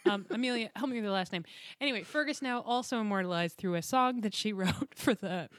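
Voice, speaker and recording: A woman's voice: mid-range voice, fairly quick, no room sound, studio quality. A young adult woman co-hosting a podcast, chatting casually and telling stories, often slipping into voices and impressions. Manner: animated storyteller, drops into voices and impressions. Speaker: podcast co-host. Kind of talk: casual chat.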